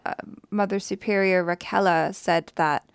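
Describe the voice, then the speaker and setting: A woman's voice: medium pitch, fairly even intonation, moderate pace, creaky, smooth, dry recording, studio quality. A woman co-hosting a reaction channel, chatting casually in an earnest, thoughtful way. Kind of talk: casual chat.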